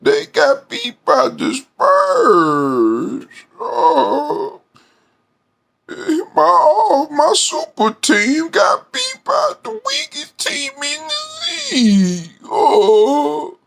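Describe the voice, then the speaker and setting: A man doing a shrill wailing sports pundit. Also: huge pitch swings, gravelly, a bit bright, heavily acted. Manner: shrill, exaggerated whining, drawn-out cries. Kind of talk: mocking impression in a fan rant.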